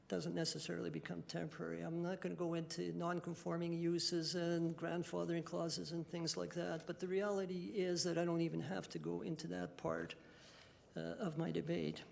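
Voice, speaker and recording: A man speaking as a city councillor, making a firm, deliberate argument in a formal council debate from a council chamber desk microphone. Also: on the high side, creaky.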